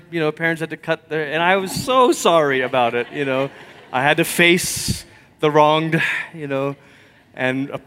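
A man preaching a sermon, telling stories conversationally and swinging from loud emphasis to near whispers. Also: fairly high pitch, clean tone. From Malaysia. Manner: storytelling, conversational. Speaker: pastor.

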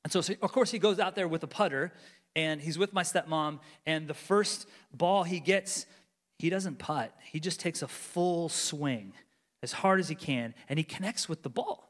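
A man in his forties preaching a sermon, moving between loud urgency and hushed, near-whispered lines. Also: fairly high pitch, moderate pace. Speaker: pastor. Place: large church sanctuary. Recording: long reverb of a large church hall.

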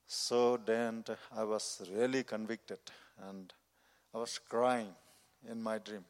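A man, a missionary preacher, giving his personal testimony in earnest, halting, non-native phrasing. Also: on the low side, fairly even intonation. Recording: long reverb of a large hall.

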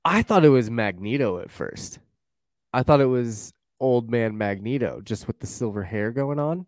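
A man's voice: medium pitch, moderate pace, no echo, studio quality. A man chatting casually about a TV series, retelling scenes and acting out lines. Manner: animated, acts out quotes from scenes. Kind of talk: casual chat about a TV show.

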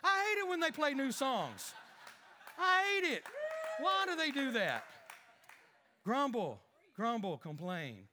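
A man's voice: very high voice, wildly swooping pitch, slow pace, long pauses, long reverb tail, crowd noise, background noise, heavily acted. A man acting out a petty, grumbling married churchgoer who mutters complaints under his breath and puts on fake cheer for others, in a comic sermon skit.

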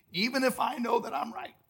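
Male pastor, sermon, very high pitch, husky tone, emphatic, loud-to-hushed swings. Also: fairly even intonation, normal speed. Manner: emphatic preaching, swinging from loud outbursts to soft, hushed lines. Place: church service.

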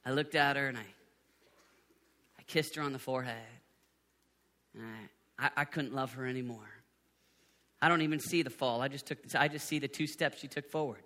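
A middle-aged man preaching to a youth conference, animated, swinging from hushed tones to shouts. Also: medium pitch, fairly quick, long pauses. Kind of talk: sermon. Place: conference venue in Birmingham, Alabama.

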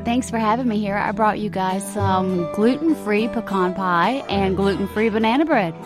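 A woman's voice: medium pitch, moderate pace, over music. Friendly woman guest on radio. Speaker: caterer guest.

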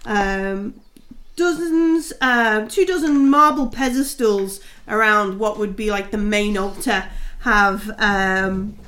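A woman's voice: medium pitch, slow, fairly bright tone. A woman narrating a tabletop game as game master, hesitant with many filler sounds. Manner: hesitant, lots of ums, laughs often.

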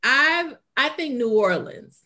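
A woman in casual chat, telling a story in a laid-back, drawn-out way. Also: high voice, expressive, sharp tone.

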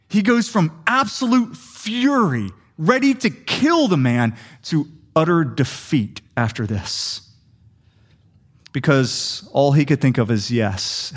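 A young adult man preaching a sermon, telling a story with lively quick asides. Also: mid-range voice. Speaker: pastor.

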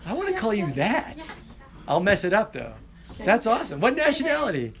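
A man teaching in a classroom, playful and animated. His pitch jumps up and down as he calls names and banters with the students. It sounds like casual roll call on the first day. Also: a little fast.

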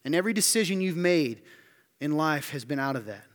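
A man's voice: a little high, brisk. Preaching man in a reverberant hall. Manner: animated preaching, rising emphatic questions, drops to quiet asides. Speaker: pastor. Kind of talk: sermon. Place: church hall with audience.

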